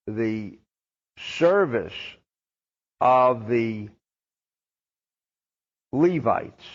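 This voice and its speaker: A man delivering a rabbi's sermon, slow and deliberate. His voice has a gravelly, fry-edged texture, and his tone turns wry and sarcastic as he poses rhetorical questions. The sound is dull and lo-fi, like an old recording. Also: medium pitch. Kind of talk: sermon on the weekly Torah portion.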